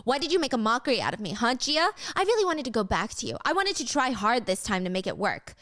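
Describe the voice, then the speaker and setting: A woman's voice: on the high side, sing-song, fast, fairly bright tone, no room sound, studio quality. A woman reading out a taunting, vengeful man. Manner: menacing, taunting. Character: violent, vengeful male office worker.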